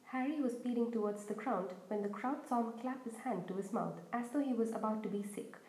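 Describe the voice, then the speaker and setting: A woman's voice: a little high, brisk, echoey room, poor audio. A woman narrating a children's novel aloud as host of a reading podcast. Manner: steady storytelling reading. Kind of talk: audiobook narration.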